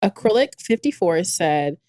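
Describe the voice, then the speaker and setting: A woman's voice: lowish voice, sing-song, unhurried, mellow, no echo. A woman co-hosting a podcast, talking bluntly in slang and joking around. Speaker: podcast co-host. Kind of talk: casual podcast chat.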